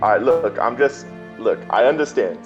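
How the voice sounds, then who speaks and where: A man's voice: medium pitch, animated, moderate pace, muffled recording, soft background music, pitched below the performer's own voice, close to an everyday voice. A man voicing a confident young team captain who coaches a friend in a casual, slangy way. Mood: encouraging.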